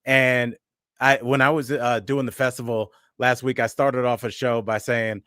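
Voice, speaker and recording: A man's voice: medium pitch, level tone, normal speed, a bit bright, clear, resonant tone, no echo, clean studio sound. A man co-hosting a news and comedy podcast, talking casually with frequent fillers and restarts. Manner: conversational, many fillers and restarts. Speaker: podcast co-host.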